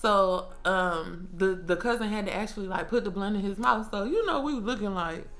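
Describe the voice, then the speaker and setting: A young woman telling a casual storytime on her own mic, animated and slangy, swearing freely and laughing often. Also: mid-range voice, moderate pace, faint music behind. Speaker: storytime vlogger. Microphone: own microphone.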